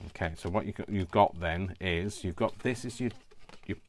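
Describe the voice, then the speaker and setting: A man's voice: low voice, normal speed. A man hosting a casual crafting tutorial at home, chatty and self-correcting, drifting into rambling asides.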